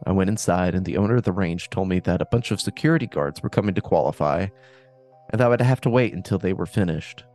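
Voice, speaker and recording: A man's voice: low voice, darkish tone. A man hosting a podcast, reading listener stories aloud in a casual way with joking asides. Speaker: podcast host.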